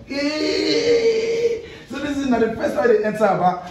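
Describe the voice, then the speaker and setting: A man's voice: high-pitched, lively intonation, fast talker, darkish tone, slight background noise. A male radio host with a Nigerian Pidgin English accent, running a hyped, laugh-filled studio interview in Pidgin slang. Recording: echoey studio mic from a distance.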